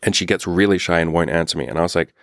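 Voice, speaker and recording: A man with a deep, low voice tells a story in a loose, chatty way, swearing freely and piling up fillers. He is a dating coach talking straight to his viewers. The sound is close and dry, with no room echo. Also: racing, a bit bright. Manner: blunt, profane, filler-heavy storytelling. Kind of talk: casual storytelling monologue.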